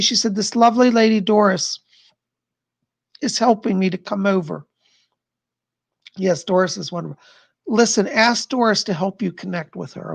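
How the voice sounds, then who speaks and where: Gravelly man giving psychic readings. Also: high-pitched. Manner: chatty, rambling, repeats "she said". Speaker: psychic livestream host. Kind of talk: live-stream psychic readings.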